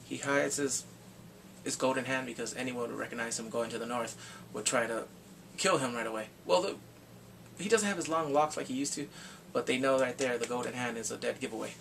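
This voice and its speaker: A man giving an excited, casual recap of a TV episode, often breaking into loud whoops and shouts. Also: medium pitch, fairly quick, creaky. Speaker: TV show reviewer. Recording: distant mic, faint background hiss.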